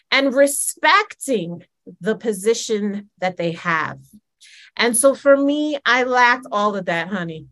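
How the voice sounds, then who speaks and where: A woman's voice: mid-range voice, fairly bright tone. A woman, emphatic and repetitive, calling listeners "honey" and "child". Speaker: church speaker. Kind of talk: personal testimony sermon.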